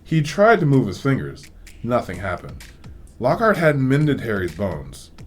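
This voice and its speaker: A man reading a storybook aloud as host, with expressive, varied delivery. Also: medium pitch, a little slow, faint music behind. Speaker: reader, host.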